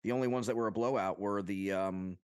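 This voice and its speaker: A man co-hosting a podcast from Long Island, New York, talking in a casual chat that is excitable and rambling, with casual swearing. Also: lowish voice, brisk, clear, resonant tone, no room sound, studio quality. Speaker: podcast co-host.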